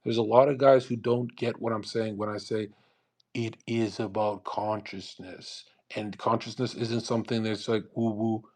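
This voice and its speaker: A man's voice: on the low side, flat delivery, normal speed, darkish tone. Male host, brash motivational lecturer on a live audio chat; profane and repetitive. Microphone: online audio call.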